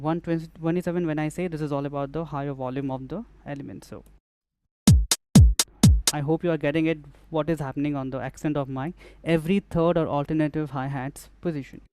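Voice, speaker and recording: A man's voice: fairly high pitch, fairly even intonation, brisk, darkish tone. A man demonstrating music production gear in a tutorial, explaining step by step and often repeating phrases as he works. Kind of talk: hands-on software tutorial.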